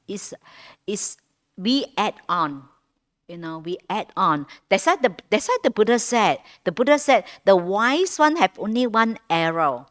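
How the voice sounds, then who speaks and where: A woman teaching at a meditation retreat in a conversational Dharma talk, with frequent restarts, repeated words and non-native English grammar. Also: mid-range voice.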